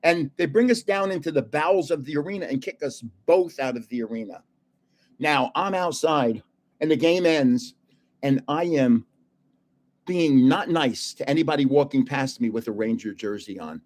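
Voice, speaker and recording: An older man hosts a trading card live stream in a loose, chatty way. He tells stories with plenty of laughs and keeps talking to his viewers. His voice sits a little on the high side for a man. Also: animated, moderate pace, darkish tone. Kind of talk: casual live-stream chat and storytelling.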